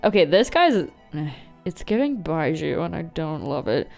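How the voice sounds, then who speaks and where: Excitable jokey woman gaming streamer. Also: sits low, moderate pace, vocal fry, faint music behind. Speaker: gaming YouTuber. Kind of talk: let's-play commentary.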